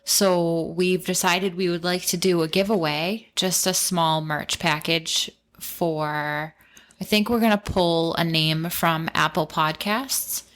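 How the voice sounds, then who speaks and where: A woman co-hosting a podcast in casual chat, reading out thank-yous and announcements in an even, laid-back way. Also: lowish voice, takes it slowly. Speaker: podcast co-host.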